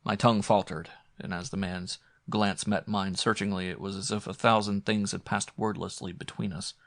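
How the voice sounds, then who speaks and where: A man narrating a horror audiobook with a low, gravelly voice. His reading is measured and brooding, with scripted pacing. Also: little pitch movement, no echo, clean studio sound.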